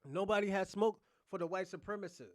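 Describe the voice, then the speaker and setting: A man's voice: high-pitched, fast, dry recording, clean studio sound. A man hosting a reaction livestream, ranting in a blunt, profane, rambling way. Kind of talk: casual livestream commentary.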